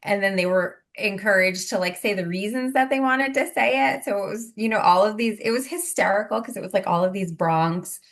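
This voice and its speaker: A woman co-hosts a relaxed podcast, chatting and spinning stories with plenty of "like" along the way. Her voice sits in a middle register. She talks the way a friend does at a table. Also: medium pitch, fairly quick, few pauses. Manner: chatty, animated storytelling with lots of "like". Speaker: podcast co-host. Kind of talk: casual chat.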